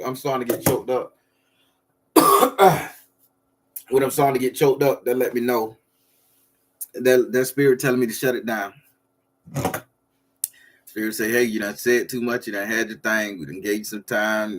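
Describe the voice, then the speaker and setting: A man from Florida, hosting a casual livestream and rambling loosely to his viewers. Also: mid-range voice. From southern Florida. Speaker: livestream host.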